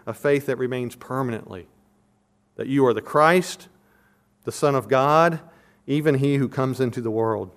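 A man preaching an earnest, emphatic sermon, working through a text verse by verse. He presses his points with repeated questions, then slows down to explain word meanings like a teacher. His voice sits at an ordinary middle pitch for a man. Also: clear, resonant tone. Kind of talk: expository sermon.

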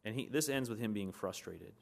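Male preacher, low-pitched, earnest conversational sermon delivery. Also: brisk, vocal fry.

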